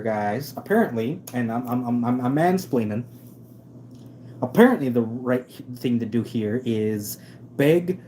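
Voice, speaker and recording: A man's voice: mid-range voice, warm tone, a little hiss or hum. A man hosting a live stream, ranting in a sarcastic, emphatic way with many restarts. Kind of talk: casual ranting commentary.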